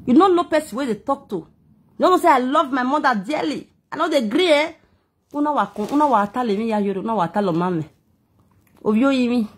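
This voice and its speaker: A woman's voice: a little high, slightly rough. A Nigerian woman vlogging a heated, defensive, rambling rant to her viewers. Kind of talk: emotional personal rant to viewers.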